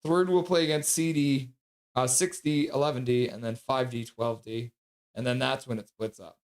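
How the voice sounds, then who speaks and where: A man's voice: mid-range voice, fairly even intonation, normal speed. A man hosting a casual livestream, chatty and sassy, reading out donations and sleep-deprived. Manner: sassy, joking. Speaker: livestream host.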